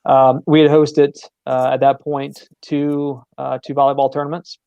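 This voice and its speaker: A man's voice: medium pitch, little pitch movement, unhurried, gravelly, clear, resonant tone, no room sound, highs cut off. A man with a Southern American accent, a sports center manager explaining his venue at length in an interview, with many fillers and repeated words.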